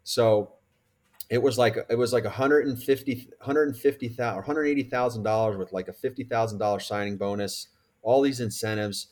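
A man in his forties from Connecticut, a podcast guest telling a story in a casual, animated and profane way. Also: medium pitch, a little fast. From Connecticut, USA. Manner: animated, profane, acts out quoted dialogue. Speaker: podcast guest, former pro baseball player.

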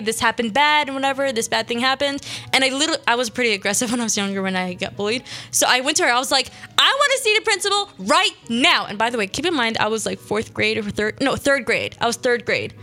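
A woman's voice: on the high side, quick pace, pushed and bright. A teenage girl from Syria hosting a small radio show, chatting in a rambling way with lots of fillers. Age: teens. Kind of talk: casual chat.

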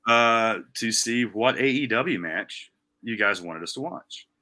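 A man's voice: on the low side, lively intonation, unhurried, bright, forceful tone. A young man co-hosting a podcast in casual chat, rambling and swearing freely, calling people bro and dude. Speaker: podcast co-host.

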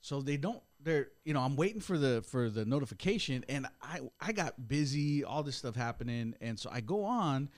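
Young guy on a podcast, animated storyteller, voice bouncing all over, dry mic. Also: medium pitch, moderate pace, few pauses, no echo. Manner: animated storytelling, acts out quotes. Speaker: podcast co-host. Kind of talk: casual chat.

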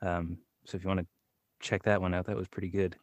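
A soft-spoken voice actor talks quietly as a podcast guest. His voice sits a little low, and the recording is dry and close. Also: little pitch movement, fast talker, no room sound. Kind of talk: casual interview chat.

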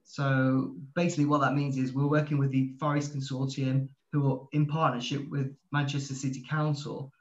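A man's voice: mid-range voice, flat delivery, normal speed, few pauses. A man speaking as a panel guest on a video call, fluent and businesslike. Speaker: university partnerships director. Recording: echoey, dull lo-fi call audio.

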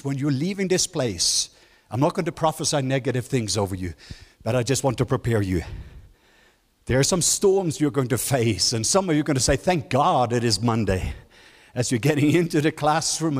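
A man preaching a sermon as guest speaker, leading the congregation in call-and-response and climbing to high, emphatic lines, with non-native English phrasing. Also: breathy edge. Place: large church hall. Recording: church hall reverb.

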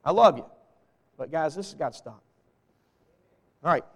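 Southern US pastor, fairly high voice, jokey and folksy with the crowd, long hall reverb. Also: male voice, animated, moderate pace. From Southern US (Arkansas). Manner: folksy, jokey, talks straight to the congregation. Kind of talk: humorous sermon. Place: church sanctuary with a live congregation.

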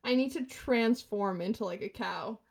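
A woman in her twenties telling a story in a casual podcast chat, talking fast and animated, laughing and acting out quotes. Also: fairly high pitch, creaky.

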